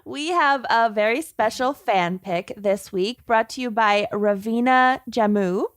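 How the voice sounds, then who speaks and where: A woman's voice: on the high side, unhurried. A woman co-hosting a chatty podcast, joking dryly and steering the talk back on track. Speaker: podcast co-host. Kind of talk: casual chat.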